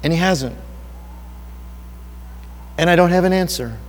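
High-voiced preacher in a reverberant hall. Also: male voice, expressive, measured pace. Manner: earnest, personal and conversational, with rhetorical questions. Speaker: pastor. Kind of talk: sermon.

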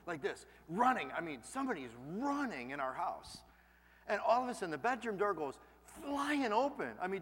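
High-voiced preacher in a reverberant hall. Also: male voice, fairly quick, breathy edge. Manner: lively, expressive storyteller. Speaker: pastor. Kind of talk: sermon with personal storytelling.

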